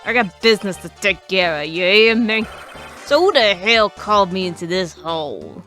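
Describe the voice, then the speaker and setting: A woman voicing a gruff, thuggish male loan shark who talks through a clenched mouth in a tough-guy street accent. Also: medium pitch, animated, moderate pace, fairly bright tone, soft background music, voice pushed down, lightly acted. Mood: blustering.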